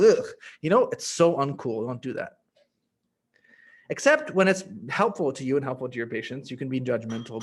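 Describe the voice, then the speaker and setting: A young man teaching medicine over a video call, with a fairly high voice that jumps around a lot. He jokes constantly and plays up his points in exaggerated voices. It sounds like an animated, informal lesson. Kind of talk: playful medical teaching on a livestream.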